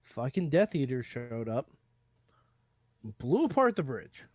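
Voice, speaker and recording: A man co-hosting a wrestling talk show by remote line, laid-back and joking, with halting pauses. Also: mid-range voice, big pitch swings, darkish tone, no room sound. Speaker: co-host. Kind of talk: casual chat. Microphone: remote call mic.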